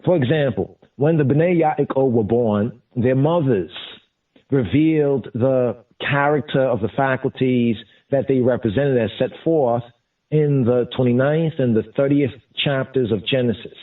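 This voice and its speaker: A man teaching scripture in a deliberate way, repeating and glossing each term as he goes. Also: mid-range voice. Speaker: Bible teacher. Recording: distant, phone-like lo-fi sound.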